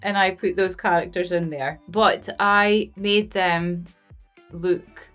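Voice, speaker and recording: A woman's voice: on the low side, steady tone, takes it slowly, a bit bright, soft background music. A young woman from Scotland hosting a movie reaction video, chatting casually and rambling while she keeps breaking into giggles. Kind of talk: casual post-movie chat.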